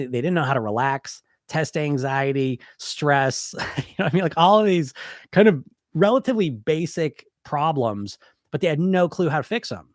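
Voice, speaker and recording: A man's voice: a little high, no echo, clean studio sound. Blunt, stuffy-voiced man coach. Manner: blunt, rambling, lots of "you know" fillers. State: stuffy from a cold. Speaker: podcast host and hypnotist weight coach. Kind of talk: casual live-stream talk answering questions.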